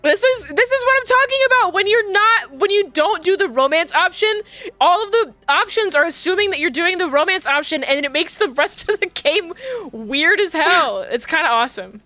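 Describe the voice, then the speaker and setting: A woman's voice: very high voice, expressive, moderate pace, sharp tone, dry recording, soft background music. A woman streaming a game, chatting casually, laughing often and talking to her cat. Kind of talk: casual gameplay chat.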